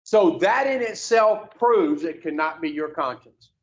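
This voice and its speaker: High-voiced man, blunt and profane. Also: lively intonation, unhurried, lo-fi sound. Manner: profane, plain-spoken, fires rhetorical questions at the room. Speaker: addiction recovery group speaker. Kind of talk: blunt motivational talk to a group.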